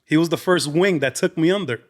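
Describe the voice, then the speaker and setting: A man, whose voice sits a little higher than most men's, spins anecdotes on a podcast. He talks in a relaxed way and slides between English and Spanish. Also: a little fast. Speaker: guest comedian. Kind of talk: casual storytelling chat.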